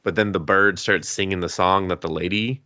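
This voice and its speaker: A man's voice: low voice, steady tone, fairly quick, bright, forceful tone. A man co-hosting a podcast, casually recapping an anime episode, acting out the characters' lines, laughing and swearing as he goes. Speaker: podcast co-host.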